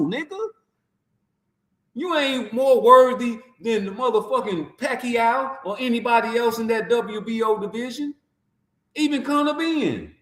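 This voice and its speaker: A man's voice: sits high, a bit bright, echoey room. A man, delivering a profane, mocking, heated boxing rant. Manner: trash-talking, mocking, heated. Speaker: boxing commentator.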